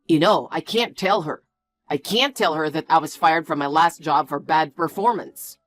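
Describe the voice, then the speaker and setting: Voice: medium pitch, normal speed, fairly bright tone, faint music behind, natural voice. A voice actor playing a stubborn, defensive young man in scripted story dialogue, blunt and bossy.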